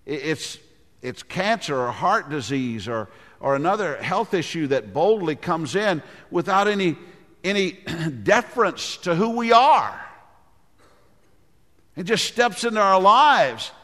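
A male pastor preaching a dramatic sermon, often clearing his throat and dropping low when he speaks as the giant. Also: big pitch swings, a little slow, a bit bright. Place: church sanctuary. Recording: long hall reverb.

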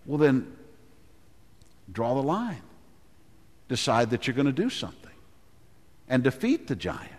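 A male pastor delivers a dramatic sermon in a church with a long, ringing reverb. His voice sits at a middle pitch and he often clears his throat. He slows down and sinks low for the giant's taunts, then lifts again to exhort. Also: huge pitch swings, a little mellow. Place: church sanctuary.

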